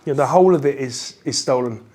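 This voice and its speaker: A comedian chatting loosely and playfully in an interview. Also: male voice, mid-range voice, fast talker, darkish tone, breathy edge. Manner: loose, joking, rambling, playful. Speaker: comedian guest. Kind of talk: casual interview chat.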